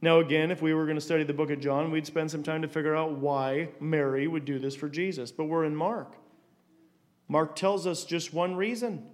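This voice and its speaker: Male Bible teacher, fairly high voice, conversational, stumbles and repeats words, leans on rhetorical questions. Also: steady tone, normal speed.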